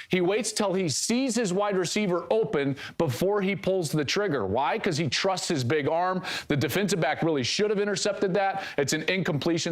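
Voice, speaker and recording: Male football analyst, high lively voice, excitable film breakdown. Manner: excitable, exclamatory.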